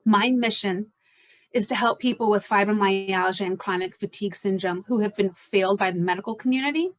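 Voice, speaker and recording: A woman's voice: medium pitch, fairly quick, dry recording. Woman in her 40s, earnest health coach, plain mid voice, dry close sound. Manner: earnest, direct, listing points steadily. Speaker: fibromyalgia coach. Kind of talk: personal story and coaching pitch.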